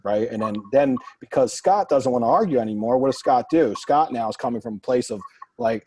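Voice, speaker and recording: A man hosting a group Q&A, telling blunt, animated stories full of quoted dialogue. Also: medium pitch, fast, slight background noise, rough recording. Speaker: real estate investor and mastermind host. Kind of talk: casual group Q&A coaching.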